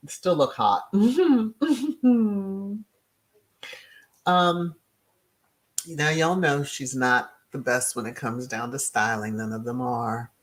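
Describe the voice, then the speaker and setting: A woman hosting casual live-stream commentary, answering chat in a sassy manner with chuckles and many hums and mm-hmms. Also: very deep voice. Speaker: host of a royal commentary channel.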